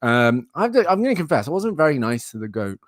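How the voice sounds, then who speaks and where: A man's voice: on the high side, big pitch swings, fast talker, no room sound. A young man hosting a live stream, chatting in a playful, rambling, self-mocking way. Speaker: livestream host. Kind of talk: casual live-stream chat.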